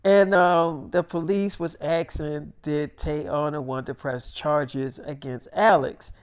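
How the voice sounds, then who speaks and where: Gossipy casual storyteller, mid pitch. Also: fairly even intonation, slow, clear, resonant tone. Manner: profane, gossipy retelling with quoted dialogue.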